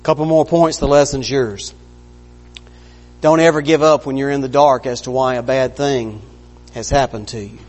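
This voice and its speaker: A man's voice: mid-range voice, fairly even intonation, normal speed, a little mellow. A man preaching an earnest, conversational sermon, acting out the lines he quotes. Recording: long reverb of a large hall.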